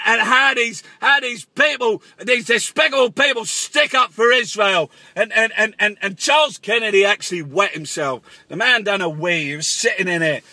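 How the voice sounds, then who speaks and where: A man delivers a shouty, excitable comic rant and stammers over repeated words. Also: very high voice, no room sound.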